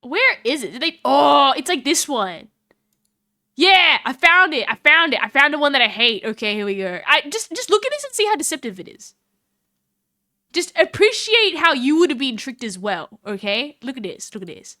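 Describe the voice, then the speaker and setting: A woman chatting casually on her live stream, animated and full of laughs and restarts. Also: high-pitched, normal speed, no echo, clean studio sound.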